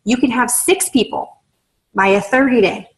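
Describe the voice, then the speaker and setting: Speaking at a moderate pace in a slightly high voice, a woman delivers a persuasive, conversational sales training to a group. She often checks that listeners follow with "right?" and "you understand?", though the recording is of low quality.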